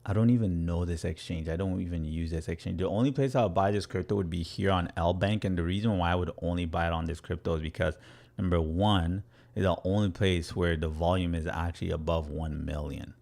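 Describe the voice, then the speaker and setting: A young man with a low, gravelly voice chats energetically through a crypto livestream. He answers viewers directly in a playful, loose way. He has some grit on the low end. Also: fairly quick. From Canada. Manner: energetic, chatty, playful with viewers, laughs often. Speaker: crypto educator hosting a livestream.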